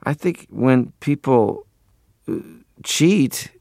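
A man's voice: medium pitch, expressive, drawn-out words, vocal fry, darkish tone, dry recording, clean studio sound. A man in his forties from Canada, a guest in a radio interview, talking playfully and rambling into funny voices.

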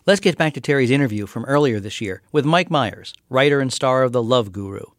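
A man reading the radio show's scripted announcements in an even, matter-of-fact way. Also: mid-range voice, a little fast, no echo, studio quality.

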